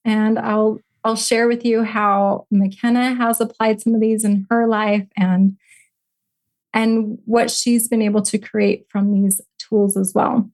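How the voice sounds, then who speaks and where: A woman's voice: medium pitch, flat delivery, slow. A middle-aged woman, a life coach and podcast guest, telling a personal story and teaching in an earnest, heartfelt way. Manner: earnest, heartfelt, gently instructive.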